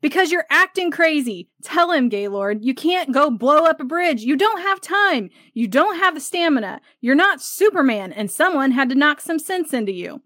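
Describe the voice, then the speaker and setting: Woman reading as a blunt, high-strung young guy scolding his pal, high voice, dry sound. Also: very animated, moderate pace, hardly any pauses, fairly bright tone, dry recording. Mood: exasperated. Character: brash exasperated young man, loyal friend.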